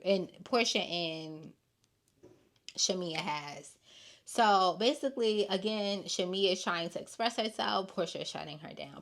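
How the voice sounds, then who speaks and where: A young woman hosting a podcast, giving blunt, animated gossip commentary and repeating her points for emphasis. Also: on the low side. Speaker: podcast host.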